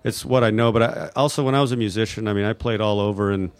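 Hesitant low-voiced man answering questions. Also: quick pace, smooth, dry recording. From New Mexico, USA. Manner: hesitant, full of fillers and restarts. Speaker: guest at audience Q&A. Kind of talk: rambling unscripted answers.

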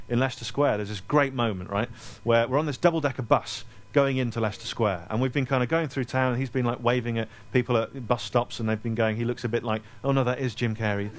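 A man in his thirties tells funny stories to a live audience at a store event. His voice sits in an ordinary middle register, and he talks in a lively, self-deprecating way. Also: medium pitch. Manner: self-deprecating, animated anecdote-telling. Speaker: author speaking at a store event. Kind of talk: comic storytelling to a live audience.

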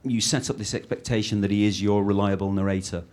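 A middle-aged man from Britain, a film director answering interview questions in a rambling, lively way with many restarts. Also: fairly low pitch, quick pace.

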